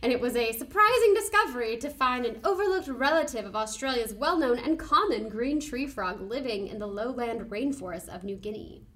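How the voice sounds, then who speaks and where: High-voiced, gushing woman podcast host. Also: a little fast, few pauses. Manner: gushing, excitable, giggly. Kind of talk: casual podcast chat.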